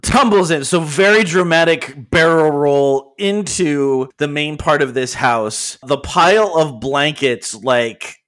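A man's voice: on the high side, slow pace, few pauses, a bit bright. A man narrating as game master in a tabletop role-playing game, easygoing and laughing often.

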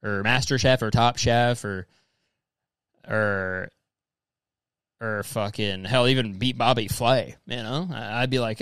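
A young man with a medium-pitched, slightly bright, smooth voice takes his time reading messages aloud, pausing often as he riffs in casual comedic commentary. He rambles profanely, says "dude" constantly, and puts on exaggerated mocking voices, with no room sound.

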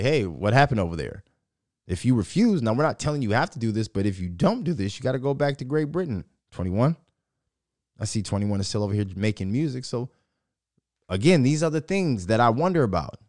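A man's voice: fairly low pitch, sing-song, fairly quick, a little mellow, no room sound, clean studio sound. A man hosting his own solo podcast, ranting in a profane, rambling, opinionated way. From Minnesota. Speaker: podcast host. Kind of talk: casual solo podcast rant.

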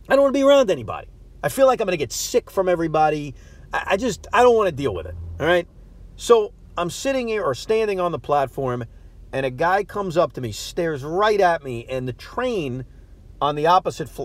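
A man, hosting a podcast and telling a story in a casual, self-deprecating way, often stammering as he restarts. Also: high voice. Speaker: podcast host. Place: parked car.

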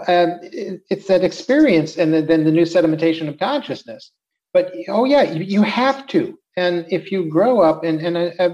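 A man's voice: on the high side, darkish tone. Thoughtful man, lo-fi call audio. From United States. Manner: measured, thoughtful, explanatory. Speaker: philosopher guest. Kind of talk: reflective interview talk.

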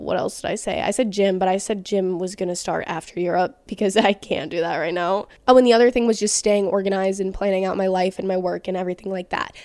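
A woman's voice: medium pitch, a little mellow, smooth, no room sound. A young woman hosting a casual solo podcast, talking candidly with lots of "like" fillers. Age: young adult. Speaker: podcast host.

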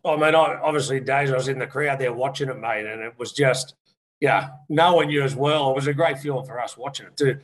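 Matey interviewer. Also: male voice, medium pitch. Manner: friendly, quick, matey. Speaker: host. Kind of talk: casual interview chat.

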